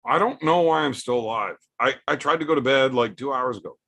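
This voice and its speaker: A man's voice: medium pitch, a little fast, creaky, fairly bright tone. A man, an arm wrestler, hosting a livestream in a loose chat style, answering viewers' super chats with blunt, profane opinions.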